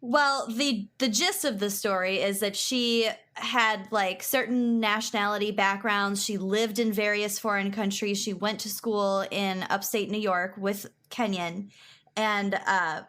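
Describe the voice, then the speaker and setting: A woman's voice: medium pitch, steady tone, unhurried, fairly bright tone. A woman with a Minnesotan accent telling stories in casual podcast chat, laughing often. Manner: chatty storyteller, laughs often. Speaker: podcast guest.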